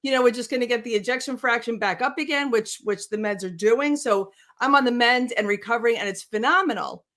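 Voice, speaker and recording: A woman's voice: a little high, fairly quick, few pauses, fairly bright tone. A woman hosting an interview, speaking expressively and emphatically, often laughing as she talks. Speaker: host. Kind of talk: casual interview talk.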